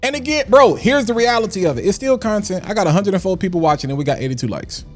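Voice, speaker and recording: A man's voice: high-pitched, animated, quick pace, soft background music. A man hosting a casual livestream, talking in a preachy way and repeating lines for emphasis. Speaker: livestream host.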